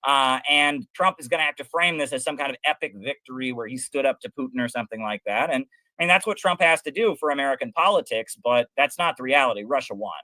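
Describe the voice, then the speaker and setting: A man's voice: mid-range voice, fast talker, pushed and bright, dry recording. A man co-hosting a political talk show, explaining history and ideas in a lecturing way. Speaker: co-host. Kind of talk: political commentary chat.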